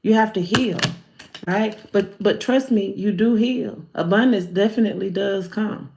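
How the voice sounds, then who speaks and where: A woman giving a live-stream spiritual talk as a card reader, animated, humorous and preachy, with a folksy way of talking. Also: medium pitch, measured pace, gravelly, noisy background.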